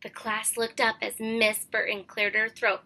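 Bright, slow storybook-reading woman teacher. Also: a little high. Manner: expressive, gently questioning. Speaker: kindergarten teacher. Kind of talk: picture-book read-aloud for young children.

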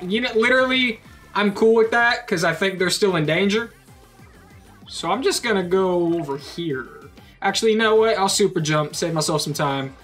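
A young man giving loud, excitable gameplay commentary, swearing and trash-talking his opponents. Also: high voice, moderate pace, soft background music. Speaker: gaming YouTuber.

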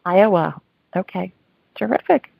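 A woman's voice: medium pitch, animated, a little slow, vocal fry, husky, no room sound, phone-quality sound. A woman from Alabama, chatting with callers as the psychic host of a call-in show. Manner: chatty, warm-hearted, laughs often. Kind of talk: call-in radio chat.

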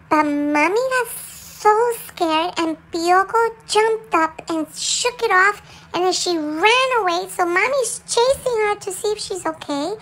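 A woman voicing a small, excitable pet dog, chatting and mixing English with Spanish as it tells its side of the story. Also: very high-pitched, poor audio. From Puerto Rico. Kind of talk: confessional monologue in a dog's voice.

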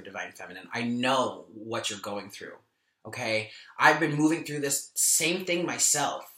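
A man's voice: medium pitch, animated, moderate pace, sharp tone, echoey room. A man giving a tarot reading in a vlog, talking candidly and with emotion, swearing now and then. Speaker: tarot reader.

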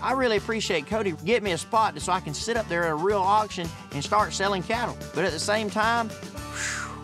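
Southern cowboy man, folksy, lively, slightly high, rapid, over a music bed. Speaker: cowboy and cattle business partner. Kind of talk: reality TV conversation and interview. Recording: music playing under speech.

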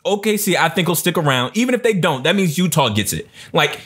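Lively man making his case. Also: a little high, a little fast, husky. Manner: animated, repeats phrases. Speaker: podcast co-host. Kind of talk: casual sports debate.

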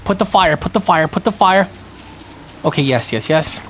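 A young gaming streamer gives live commentary on a multiplayer match, excitable and panicky, yelping and tossing out plenty of slang. His fairly high voice runs at normal speed over a little hiss or hum.

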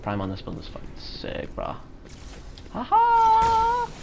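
A man giving live commentary on his own gameplay, excitable, swearing often and repeating phrases in quick bursts. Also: very high-pitched, heavy background noise. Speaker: gamer. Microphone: home setup without face cam.

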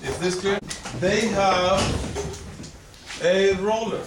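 A man's voice: high-pitched, fairly even intonation, takes it slowly, far from the mic. A man teaching a language class, patiently correcting students and repeating words for them. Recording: echoey room, recorded from afar, noisy.

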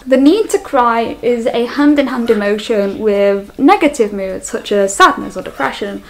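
A woman's voice: fairly high pitch, very animated, normal speed, hardly any pauses, a little mellow. A young woman vlogging from her bedroom, talking casually and chattily, mocking herself with a giggle now and then. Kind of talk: casual vlog chat.

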